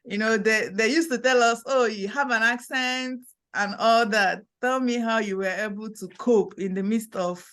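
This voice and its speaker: A woman's voice: on the high side, steady tone, normal speed, hardly any pauses, a bit bright. A woman hosting an online interview over a video call, speaking in an encouraging, conversational way. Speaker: host.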